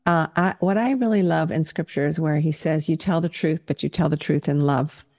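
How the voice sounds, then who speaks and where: A woman's voice: low-pitched, fairly quick, darkish tone. Older woman hosting a faith interview. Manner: encouraging, affirming. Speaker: podcast host.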